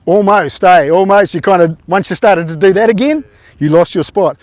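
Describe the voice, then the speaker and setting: A man's voice: sits high, normal speed, dry recording. A man coaching rugby players through tackle drills, informal and encouraging, often quizzing them.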